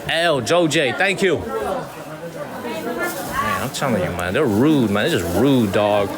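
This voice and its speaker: A man's voice: medium pitch, lively intonation, measured pace, over a noisy crowd. A man from Chicago with a Chicago accent, hosting a casual livestream outdoors, talking emphatically, repeating himself and thanking viewers by name. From Chicago, USA. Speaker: livestream host. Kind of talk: casual live-stream talk to chat. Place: outdoors in a Chinese water town.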